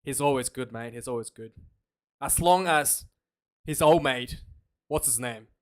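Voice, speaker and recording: A man streaming casual live commentary on a match, chatty and jokey, prone to loud incredulous rants. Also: medium pitch, unhurried.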